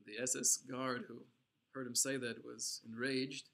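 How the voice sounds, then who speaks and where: A man's voice: mid-range voice, little pitch movement, unhurried, vocal fry, sharp tone. A man teaching a religious class, telling a story dramatically and with emphasis, using Hebrew and Yiddish terms. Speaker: Torah teacher.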